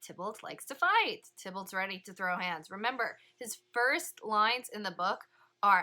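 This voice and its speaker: A woman teacher talks students through a read-along literature lesson in a bright, clear voice. She explains in a lively, chatty way, at a middle pitch. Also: measured pace. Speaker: English teacher.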